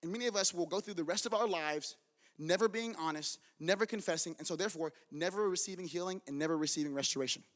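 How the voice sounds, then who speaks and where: Male pastor preaching hard, high voice, long church hall echo. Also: quick pace, fairly bright tone. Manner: fervent preaching, urging the congregation. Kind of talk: sermon. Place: church auditorium with congregation.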